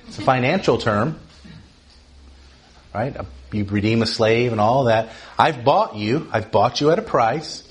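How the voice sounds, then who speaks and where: A man teaching from the Bible in an easy, talkative way. He keeps checking in with "right?" and his voice climbs when he drives a point home. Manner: animated, often asks "right?", rises in pitch for emphasis.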